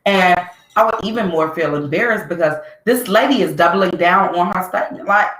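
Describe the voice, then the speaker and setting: Female podcast host, lowish voice; blunt, animated commentary, echoey room. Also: moderate pace, hardly any pauses. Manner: animated, blunt, emphatic repetition. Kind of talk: casual commentary.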